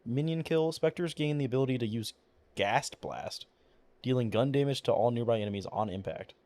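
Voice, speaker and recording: A man mumbles his way through relaxed gameplay commentary on a stream, rambling with frequent swearing and fillers. His medium-pitched voice is a little mellow, moves at a moderate pace, and cracks from time to time.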